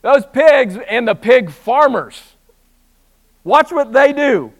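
A man preaching a sermon, swinging between hushed, slow passages and loud, fast bursts, with humorous asides. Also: extremely high pitch. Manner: animated storytelling with humorous asides. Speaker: pastor.

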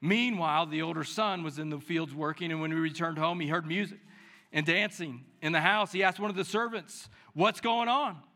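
A man preaching, who reads the scripture with lively dramatic emphasis and leads prayer in a soft, slow voice. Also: fairly high pitch. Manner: prays softly and slowly. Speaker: pastor. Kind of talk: sermon with Bible reading and prayer.

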